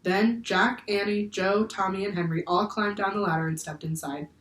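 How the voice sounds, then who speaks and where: A woman teacher reading a children's book aloud in clear, steady storytelling. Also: medium pitch, normal speed. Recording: echoey room, far from the mic.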